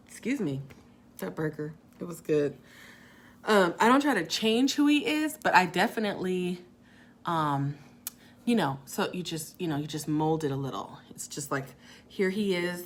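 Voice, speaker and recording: A middle-aged woman hosting a casual live-stream chat about parenting, talking in an animated way with quick asides and frequent laughs. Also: medium pitch. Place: her salon suite.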